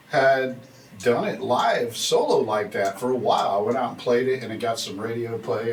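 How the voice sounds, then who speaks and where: A middle-aged man, a drummer and songwriter telling the story behind a song in a chatty, rambling way. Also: fairly low pitch. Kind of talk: casual talk to camera. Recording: roomy, far from the mic, faint hiss.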